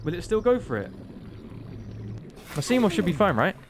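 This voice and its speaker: A young man streaming a game live, excitable and swearing often, talking to the creatures on screen. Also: sits high, moderate pace. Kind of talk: live gameplay commentary.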